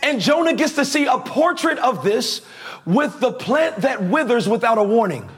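A male preacher with a very high voice delivers a lively sermon in a church. He talks straight to his congregation, asking them to answer back and raise their hands. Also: moderate pace. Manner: energetic, preaching with calls to the congregation.

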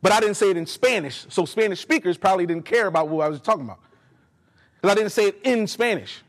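A pastor preaches a sermon to his congregation in a church, speaking directly and emphatically in a high-pitched, animated, fast voice. The recording carries long hall reverb.

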